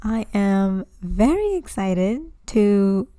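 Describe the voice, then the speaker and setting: A young woman hosting her first casual podcast from home, chatty and excitedly nervous, with many fillers. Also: mid-range voice, drawn-out words, no room sound, studio quality. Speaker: podcast host. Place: home room, indoors. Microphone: home microphone.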